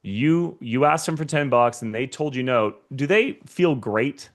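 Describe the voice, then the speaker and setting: Energetic man coaching sales agents. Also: medium pitch, unhurried. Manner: energetic, addresses the audience directly, acts out short scenes. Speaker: guest speaker coaching real estate agents. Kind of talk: motivational sales training talk.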